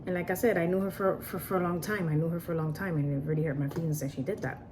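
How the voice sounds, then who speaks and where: Against background noise, a woman with a fairly low, steady voice rattles off a personal story at rapid-fire speed. She's earnest and casual, repeating herself, restarting sentences frequently, and leaning on "like."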